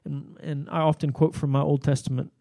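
A man with a somewhat high voice delivers a Bible teaching sermon. His tone is mellow and dark, and he explains the text patiently in a conversational way. The sound is dry and close. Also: level tone, a little fast, creaky, no room sound. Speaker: pastor.

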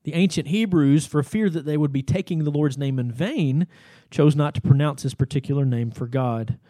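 A pastor with a somewhat high voice delivers a Bible teaching sermon at a moderate pace. His tone is mellow and dark, and he explains the text patiently and conversationally. The recording is dry and close.

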